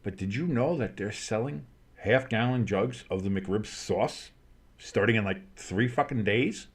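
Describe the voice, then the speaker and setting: Excitable man calling football play-by-play. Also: on the low side, unhurried. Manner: excitable, crude jokes, shouts on big plays. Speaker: play-by-play host. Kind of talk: fan play-by-play commentary.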